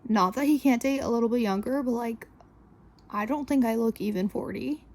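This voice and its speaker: Creaky-voiced young woman telling a story. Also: a little high, normal speed, a little mellow. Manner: chatty, exasperated, full of "like". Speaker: podcast host. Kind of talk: casual storytelling monologue.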